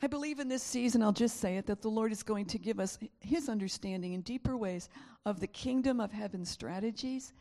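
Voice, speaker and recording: A woman's voice: medium pitch, brisk, warm tone, big-room sound. A woman preacher giving an emphatic, repetitive sermon and sometimes dropping to a whisper.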